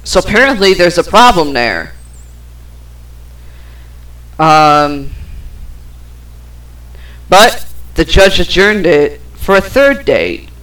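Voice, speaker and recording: Slow, rambling woman vlogger. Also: lowish voice, very animated, a bit bright, rough recording. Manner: frustrated, profane, rambling with fillers. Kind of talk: personal storytelling.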